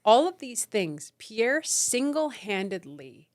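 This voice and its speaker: A woman's voice: a little high, big pitch swings, slow. A middle-aged woman from Canada, a former politician, talking in a casual podcast conversation and often mimicking others in a raised voice.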